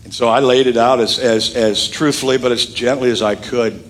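A middle-aged man preaching a sermon as pastor, telling stories with big swings in his voice and joking with the congregation. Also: normal speed. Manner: lively storytelling with big pitch swings and asides; calls on the congregation to repeat lines. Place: church sanctuary with congregation.

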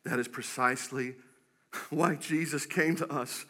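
A man preaching a sermon as pastor, telling stories with animated acted-out voices. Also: a little high, a little slow. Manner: animated storytelling, acts out quoted voices. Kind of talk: energetic sermon.

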